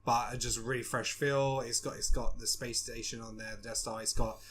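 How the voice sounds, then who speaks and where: A man's voice: mid-range voice, brisk, a little hiss or hum. A man hosting a casual film podcast, talking loosely with fillers and putting questions to his co-hosts. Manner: relaxed, many fillers, asks co-hosts questions. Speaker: podcast host.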